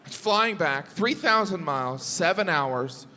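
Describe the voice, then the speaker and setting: A man doing a stand-up comedy routine on a theater stage, deadpan, with mocking asides. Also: fairly high pitch, measured pace, few pauses. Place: large theater stage before a live audience. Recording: live hall reverb with audience noise. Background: audience laughter.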